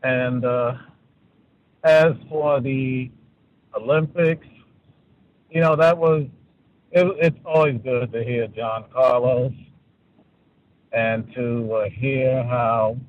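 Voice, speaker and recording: A man calling in to a radio show, giving his opinions in a halting way and often repeating words. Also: mid-range voice, steady tone, no room sound, lo-fi sound. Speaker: caller. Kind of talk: call-in radio commentary.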